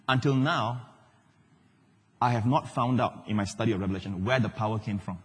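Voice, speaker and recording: Middle-aged man preaching, loud then hushed, slightly husky, recorded live in a big echoing church. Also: on the low side, a little fast, pauses often. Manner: animated preaching, swings between loud and hushed. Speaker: pastor. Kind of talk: sermon. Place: large church hall. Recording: live church hall with long reverb.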